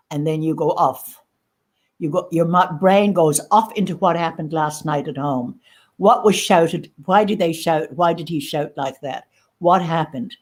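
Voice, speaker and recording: Woman guest, lowish voice, halting emotional testimony. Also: a little mellow. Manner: halting, emotional, repeats phrases. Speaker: guest sharing lived experience. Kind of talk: personal testimony in conversation.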